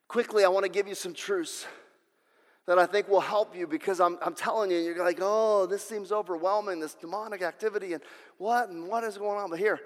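A pastor preaching a sermon, emphatic and repetitive, swinging between loud passages and hushed ones. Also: male voice, high voice, in a large hall.

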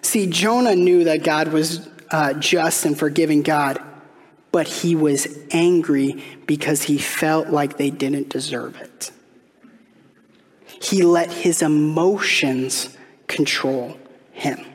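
A man's voice: fairly high pitch, slow. A man preaching a sermon as pastor, telling a personal story in a conversational way and putting questions straight to the congregation. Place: church sanctuary. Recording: long hall reverb, faint music behind.

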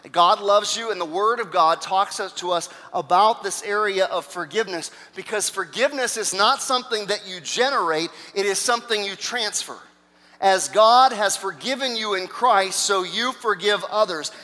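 A pastor preaching with a high, forceful and bright voice, hammering on repeated phrases and dropping from loud to hushed. He is heard in a church sanctuary with a long hall reverb trailing behind his words. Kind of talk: sermon.

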